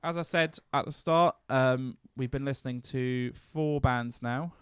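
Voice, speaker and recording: A man's voice: mid-range voice, a little slow, fairly bright tone, smooth, dry recording, studio quality. A man co-hosting a music podcast, chatting casually in a playful, teasing way and laughing often. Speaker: podcast co-host. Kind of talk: casual chat.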